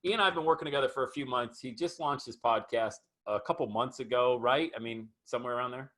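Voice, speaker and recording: A man's voice: medium pitch, quick pace, fairly bright tone. A man hosting a podcast interview, talking with hyped, emphatic enthusiasm. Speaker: podcast host. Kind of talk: energetic interview chat.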